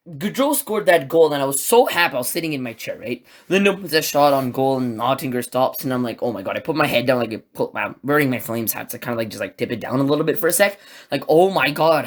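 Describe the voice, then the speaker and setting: A man hosting a solo podcast, talking in an excitable, rambling way full of filler words. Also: medium pitch. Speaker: podcast host. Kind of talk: solo podcast commentary, casual.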